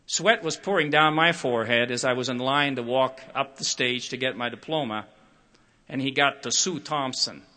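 An older man giving a prepared public talk, measured and expressive, acting out quoted voices as he tells stories. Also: medium pitch.

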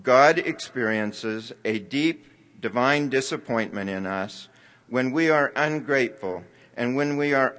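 A man giving an earnest, measured sermon, reading scripture and quoted passages aloud. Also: medium pitch, fairly bright tone. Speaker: church speaker.

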